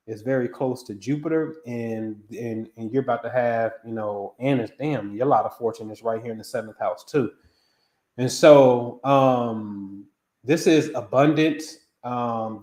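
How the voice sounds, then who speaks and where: A man's voice: medium pitch, dark tone, roomy sound. A middle-aged man hosting a casual astrology reading, talking loosely and slangily and calling out viewers by name. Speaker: astrology reader host. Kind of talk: casual live-stream reading.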